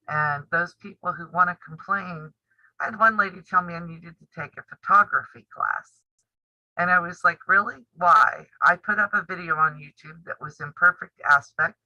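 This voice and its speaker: A woman in her fifties chats live with her viewers, blunt and teasing, laughing often. Her voice is very bright and sharp. It sounds dry and a little dull, like a modest home mic. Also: on the low side, no room sound. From United States. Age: 50s. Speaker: sewing and quilting channel host. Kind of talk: casual live-stream chat.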